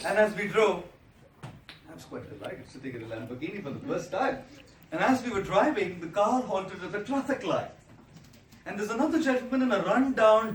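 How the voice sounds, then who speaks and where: A man speaks as a monk giving a motivational talk. He tells an anecdote with lively rhetorical repetition. The sound is roomy and distant, with a noisy echo from a large hall. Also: high voice. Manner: animated storyteller with rhetorical repetition. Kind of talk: motivational speech with storytelling. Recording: echoey hall from a distant mic.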